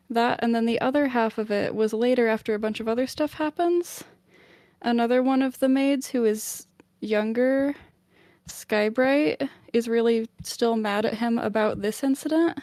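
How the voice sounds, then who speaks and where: Chatty higher-voiced woman, dry sound. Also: dry recording. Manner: chatty, lots of "like", animated summarising. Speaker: book club podcast member. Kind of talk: casual retelling of a novel chapter.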